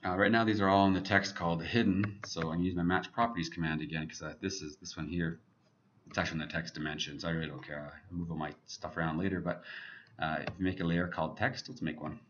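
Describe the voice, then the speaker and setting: A man teaching a software tutorial over his screen, talking casually and thinking aloud as he clicks through each step. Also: low voice, steady tone, fast, lo-fi sound, slight background noise.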